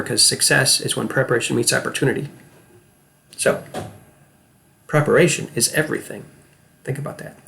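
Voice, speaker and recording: A man's voice: medium pitch, gravelly, fairly bright tone. A middle-aged man who works as an acting coach, giving an earnest, emphatic lesson straight to camera and often checking in with the viewer.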